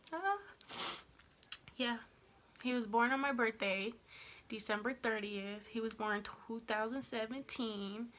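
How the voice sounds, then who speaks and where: A woman's voice: medium pitch, pushed and bright. A young woman telling a personal story in a casual, rambling vlog style, full of fillers and asides. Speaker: vlogger.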